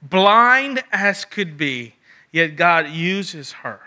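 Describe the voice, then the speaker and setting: Emphatic high-voiced male preacher. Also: sing-song, extremely slow, bright, forceful tone. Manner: emphatic, repeats phrases for stress. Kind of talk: sermon.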